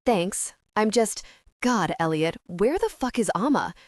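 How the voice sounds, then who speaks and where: A woman voicing a panicky young bride in an audiobook, high-strung and near hysterical. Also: lively intonation, measured pace, dry recording, clean studio sound, natural voice. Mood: panicked. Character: panicky young bride on her wedding day.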